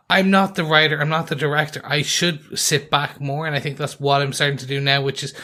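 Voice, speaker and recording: A man's voice: a little high, level tone, fairly quick, hardly any pauses, bright, forceful tone. A man co-hosting a TV review podcast in casual chat, joking and self-deprecating as he rambles. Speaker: podcast co-host.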